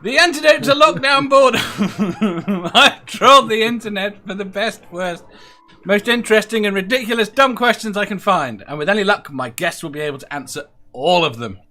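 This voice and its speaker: Guy hosting a quiz, high voice, slow and bright, giggles a lot. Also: animated. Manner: giggly, laughs often. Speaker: quiz host. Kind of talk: casual online quiz chat.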